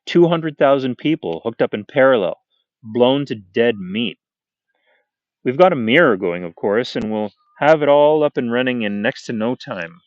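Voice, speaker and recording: A man's voice: medium pitch, lively intonation, moderate pace, no room sound, natural voice. Guy reading out a slick american stranger, offhand, odd intonation, muffled dry sound. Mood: breezy. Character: brisk smartly dressed American man. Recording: dull, dry.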